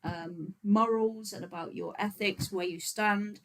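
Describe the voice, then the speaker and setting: A woman's voice: mid-range voice, fairly even intonation, measured pace, a bit bright. Chatty woman livestreaming. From Birmingham, England. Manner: chatty and informal, many fillers, talks to viewers while setting up. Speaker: livestream host, vegan activist. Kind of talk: casual livestream chat.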